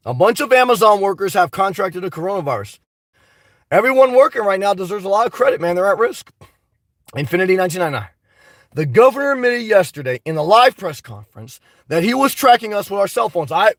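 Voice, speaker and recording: A man's voice: high-pitched, a bit bright, no echo. A man chatting casually on a live stream, answering viewers' comments in a boisterous, blunt, profane way, a little congested. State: slightly congested. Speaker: vlogger reading live chat.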